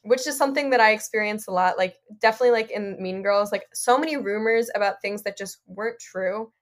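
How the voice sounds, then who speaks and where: A woman's voice: medium pitch, brisk. Earnest young woman podcast guest. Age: young adult. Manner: rambling, earnest, frequent "like" and "you know". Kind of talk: casual interview chat.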